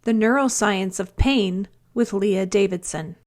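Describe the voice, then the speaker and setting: A woman reading a scripted podcast episode introduction in an even, read-aloud manner. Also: medium pitch, unhurried, a little hiss or hum. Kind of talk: scripted narration.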